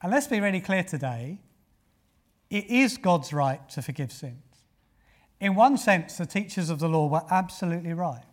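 Male preacher, slightly high voice, earnest and emphatic, asks the congregation rhetorical questions. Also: expressive, normal speed. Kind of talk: sermon.

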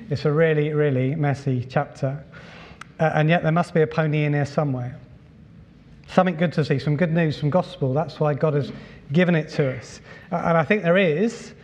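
Pastor preaching, hall reverb. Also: male voice, fairly high pitch. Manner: relaxed and conversational, with frequent uh fillers and repeats. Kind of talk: sermon. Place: church hall. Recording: long reverb from a large hall.

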